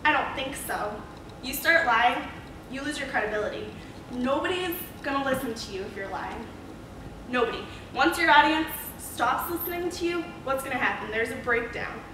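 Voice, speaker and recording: Young woman giving a class speech. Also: fairly high pitch. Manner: lively, asks the audience rhetorical questions. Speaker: student speaker. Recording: echoey room, far from mic, noisy.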